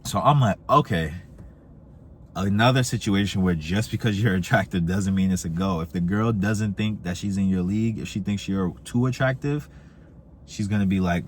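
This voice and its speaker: Man, young adult, low voice, animated storytelling, faint background noise. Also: moderate pace. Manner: animated, acts out quoted voices with big pitch jumps. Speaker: dating advice vlogger. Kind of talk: casual storytelling monologue.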